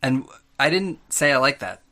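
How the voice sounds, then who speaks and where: A man co-hosting a comedy podcast, telling tall tales with a playful deadpan manner. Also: medium pitch, normal speed. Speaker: podcast co-host. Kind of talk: casual chat.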